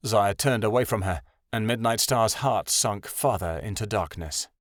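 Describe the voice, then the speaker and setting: A man narrating a fantasy audiobook in an expressive reading style. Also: on the low side, normal speed, no echo, studio quality.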